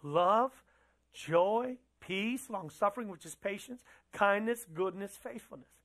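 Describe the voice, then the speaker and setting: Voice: medium pitch, animated, slow pace, fairly bright tone. A pastor preaching a sermon in a church, talking conversationally, asking the audience questions and repeating phrases for emphasis.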